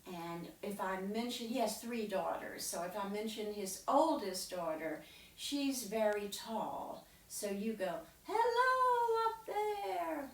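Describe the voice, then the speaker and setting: A woman storyteller telling a story to children in an animated way and leading them in sound effects, recorded from a distance in a roomy space. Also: medium pitch, a little slow. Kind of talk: live storytelling with audience participation.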